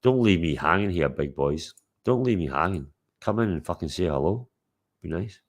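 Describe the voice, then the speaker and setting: A man's voice: deep voice, lively intonation, moderate pace. A man hosting a livestream, chatting casually to his chat, teasing and swearing freely. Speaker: livestream host.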